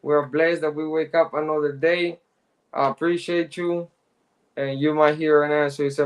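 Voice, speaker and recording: A middle-aged man hosting a live show, chatting casually in street slang and giving shout-outs to viewers. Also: fairly high pitch, flat delivery, normal speed. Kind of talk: casual chat, reading out viewer comments.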